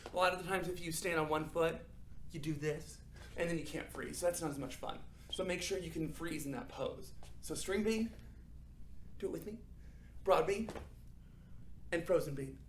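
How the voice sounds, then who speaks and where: Upbeat man leading a drama warm-up. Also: on the high side, reverberant, a little hiss or hum. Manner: upbeat, encouraging, frequent "okay?" check-ins. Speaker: drama teacher. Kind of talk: guided acting warm-up for children.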